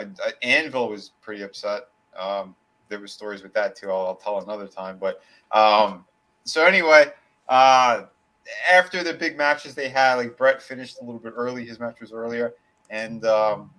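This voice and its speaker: On a rough recording, a wrestling podcast co-host with a lowish, slightly bright voice rambles through a long tale. His casual delivery is full of fillers, false starts, and swearing.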